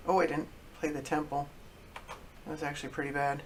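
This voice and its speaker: A man streaming a card game, talking casually to himself as he plays, halting often with fillers and self-corrections. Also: fairly high pitch, level tone, slight background noise. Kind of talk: casual thinking-aloud commentary.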